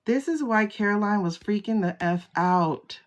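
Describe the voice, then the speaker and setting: A woman's voice: medium pitch, animated, moderate pace, lo-fi sound. A woman hosting a casual livestream tarot reading, chatty and full of exclamations, greeting viewers by name as she talks into a phone. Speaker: tarot reader livestream host.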